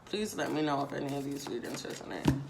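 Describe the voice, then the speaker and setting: A woman's voice: a bass voice, quick pace, creaky, very noisy. A woman giving a casual tarot reading straight to her viewers, chatty and repetitive, with casual swearing. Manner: chatty, repeats phrases, casual swearing, addresses viewers directly. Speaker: tarot reader.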